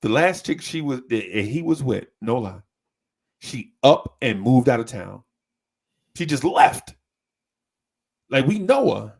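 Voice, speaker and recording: A man telling a story in casual chat, animated and often breaking into high voices to mimic people. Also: slow, vocal fry, long pauses, husky. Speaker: podcast co-host.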